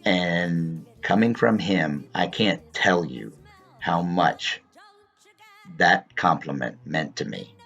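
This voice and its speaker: A man's voice: low-pitched, takes it slowly, creaky, a bit bright, soft background music. A man in his fifties, a former drama student, telling a tribute story about his old teacher and mimicking the teacher's remarks. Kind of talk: tribute anecdote. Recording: dull lo-fi recording.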